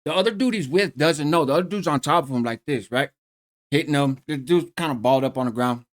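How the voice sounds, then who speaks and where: A man's voice: a little high, fast talker. A middle-aged man casually telling a story in streetwise slang, often checking in with "right?". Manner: streetwise slang, frequent "right?" tag questions. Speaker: host telling a prison story.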